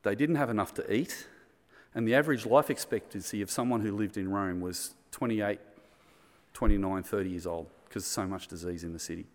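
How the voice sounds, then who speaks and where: A man's voice: fairly low pitch, brisk, long reverb tail. A middle-aged man with an Australian accent preaching a sermon in an earnest, conversational way. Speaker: pastor.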